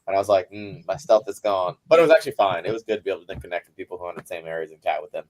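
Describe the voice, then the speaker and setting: A man's voice: low voice, very animated, very fast. A man, a podcast guest, telling a casual story in a rambling way, full of "like" fillers. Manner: rambling, heavy use of "like" fillers.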